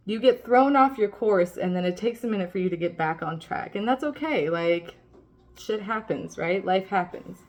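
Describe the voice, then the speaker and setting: A woman's voice: mid-range voice, lively intonation, moderate pace. A woman giving a casual tarot reading, swearing freely as she rambles and reassures the listener. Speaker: tarot reader.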